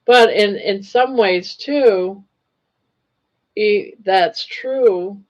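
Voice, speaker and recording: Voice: medium pitch, drawn-out words, muffled recording. A panelist on a live chat stream talking casually and hesitantly, often restarting words.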